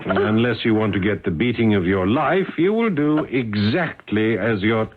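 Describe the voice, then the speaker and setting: A cold, menacing aristocrat who threatens his wife with smooth, sneering calm. His pitch swings widely from line to line. The sound is thin and tinny, like an old radio broadcast. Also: moderate pace. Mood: threatening. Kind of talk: 1970s radio drama acting.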